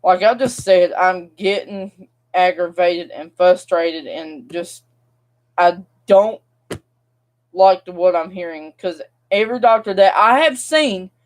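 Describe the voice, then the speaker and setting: A young woman with a lowish voice vents slowly and rambles in frustration straight to her viewers in a casual vlog rant.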